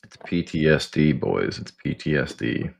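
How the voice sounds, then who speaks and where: Gravelly, very deep-voiced man. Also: expressive, normal speed. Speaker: crypto market show co-host. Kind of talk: casual livestream chat.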